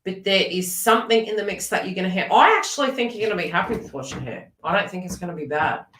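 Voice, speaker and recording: A woman giving a live tarot reading in an animated, chatty way. She laughs often and talks directly to viewers in the chat. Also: mid-range voice, fast talker, far from the mic, slight background noise. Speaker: tarot reader. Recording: echoey room, away from the mic.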